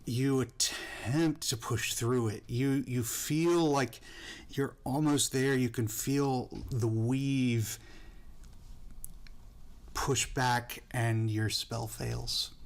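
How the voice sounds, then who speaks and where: A male dungeon master narrates the action of a tabletop game in an unhurried, deliberate voice. His pitch sits in an ordinary middle range, and he describes each outcome with steady, measured care.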